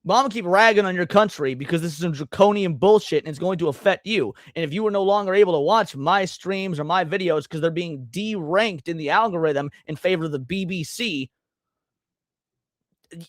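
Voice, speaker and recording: A man's voice: sits high, animated, brisk, dry recording, studio quality. An American man hosting a live reaction stream, ranting and swearing with heavy sarcasm. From United States. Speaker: livestream host.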